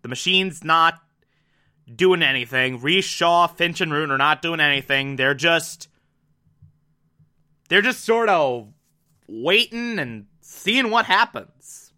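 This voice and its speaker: Bright-toned man excitedly recapping a show. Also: fairly high pitch, takes it slowly, pauses often. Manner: excitable, acts out characters. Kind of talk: casual recap commentary.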